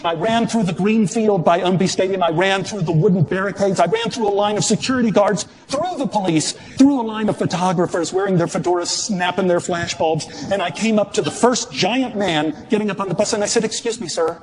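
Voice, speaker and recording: A man in his sixties from Dallas telling a personal story live on stage, with expressive, shifting pacing and wry humor. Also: high-pitched, fairly quick, hardly any pauses, in a large hall. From Dallas, Texas. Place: stage before an audience.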